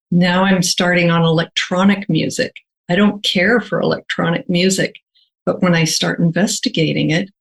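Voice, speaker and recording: An older American author answers interview questions in a measured, thoughtful manner, slowly drawing out her key words. Her voice is lowish, and the recording is rough.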